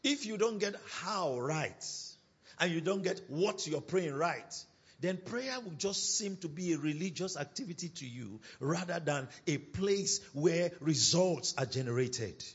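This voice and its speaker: A man's voice: on the high side, expressive, slightly rough, highs cut off. A man preaching a sermon, reading scripture and repeating his key points with emphasis. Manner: emphatic repetition, slow deliberate phrasing.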